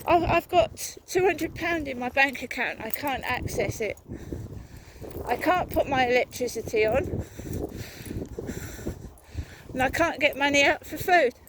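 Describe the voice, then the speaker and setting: A woman's voice: high voice, animated, measured pace, pauses often. A woman vlogging on a walk outdoors, ranting angrily and swearing a lot. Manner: angry, profane ranting. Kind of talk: walking vlog rant. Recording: outdoor background noise.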